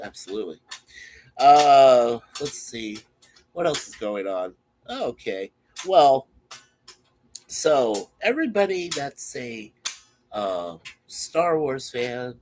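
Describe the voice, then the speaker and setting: A man's voice: on the low side, darkish tone, slight background noise. A man who is sick, coughing now and then, chatting casually and in an easygoing, rambling way to his stream viewers from his webcam.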